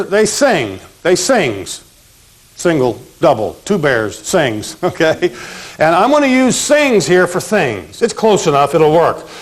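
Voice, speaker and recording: A man leads a picture-based memory lesson in a playful, punny way, drilling phrases with his audience. His voice sits a little high and swings widely in pitch. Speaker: teacher.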